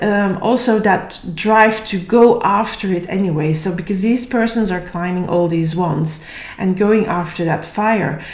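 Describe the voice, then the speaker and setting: A woman giving a casual tarot reading, slightly hoarse and tired, thinking aloud and searching for words. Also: medium pitch, a little mellow. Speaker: tarot reader. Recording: echoey room.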